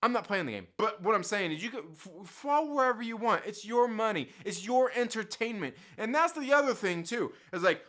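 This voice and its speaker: On his own YouTube channel, a man delivers an unscripted, profanity-laden rant straight to camera, swearing constantly and mocking other people's views in put-on quotes. His voice is high, animated and bright with a forceful edge, moving fairly quickly with few pauses. The whole thing is heated.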